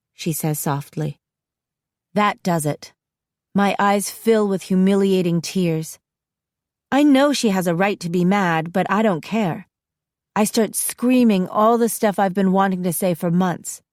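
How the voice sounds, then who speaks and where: A woman narrating a first-person novel as an audiobook, expressive and acting out both mother and daughter. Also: fairly low pitch, a little slow, no room sound, clean studio sound.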